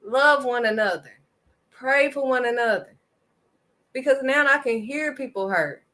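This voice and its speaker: A woman's voice: high voice, a little slow, sharp tone. A woman giving an impassioned faith talk to her viewers, emphatic and preachy, driving points home with a firm "period.". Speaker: faith vlogger.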